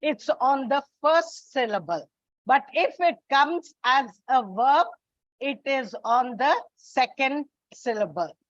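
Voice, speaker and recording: A woman teaching an English exam coaching lesson, explaining slowly, spelling out letters and repeating the key points. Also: sits high, animated, dry recording, lo-fi sound.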